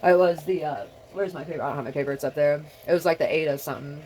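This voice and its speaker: Alone on camera, a middle-aged woman rambles very fast in a low, slightly mellow voice, with a little background noise. She jumps between thoughts as if talking to herself and frequently lets sentences trail away.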